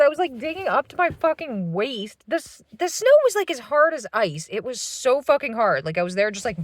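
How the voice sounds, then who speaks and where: A woman's voice: mid-range voice, no room sound. A woman in her thirties venting in a rambling, swearing monologue from a parked van. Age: 30s. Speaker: vlogger.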